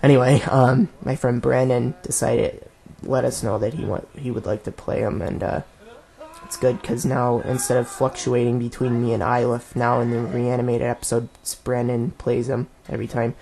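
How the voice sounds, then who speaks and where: A man's voice: medium pitch, little pitch movement, normal speed, gravelly, warm tone, husky. A man giving a casual director's commentary in a rambling, laid-back, self-amused way. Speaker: director of a web series.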